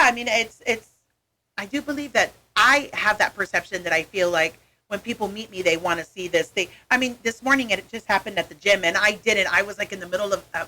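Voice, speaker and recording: Bright-voiced woman telling stories. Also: medium pitch. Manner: animated storyteller, acts out voices. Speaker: comedian guest. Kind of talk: casual interview chat. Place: radio studio.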